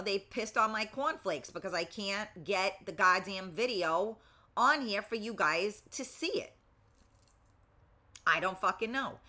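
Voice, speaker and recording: A middle-aged woman hosting a casual talk show, blunt and swearing freely, losing her voice and often clearing her throat. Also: medium pitch, bright, forceful tone. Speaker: show host.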